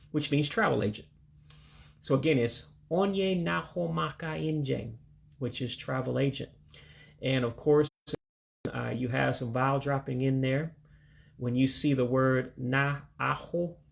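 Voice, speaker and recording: A man from the United States leading a casual vocabulary lesson, slowly and carefully repeating foreign words and explaining them plainly. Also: medium pitch, creaky. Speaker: language learner teaching vocabulary.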